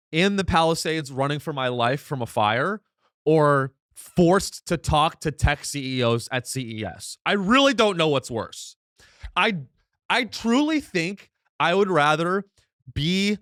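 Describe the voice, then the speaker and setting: A man at an ordinary pitch rants in a sarcastic, mock-outraged comedic monologue, piling up rhetorical questions and restarting his sentences. The sound is close and dry, with no room around it. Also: animated, unhurried, a bit bright, no room sound. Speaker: comedy podcast host.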